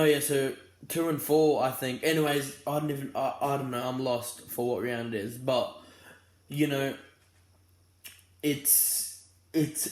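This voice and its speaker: In a reverberant recording, a young Australian man with a mid-range voice rambles casually through a preview of the footy as a fan. Though tired and yawning, he's fired up about his team, and he keeps restarting what he's saying.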